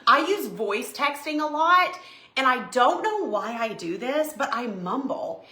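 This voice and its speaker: A woman's voice: high-pitched, big pitch swings, moderate pace, sharp tone. A woman hosting a live craft show, chatting and laughing as she works. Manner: chatty, laughs often, says y'all. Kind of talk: casual live craft chat. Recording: echoey room.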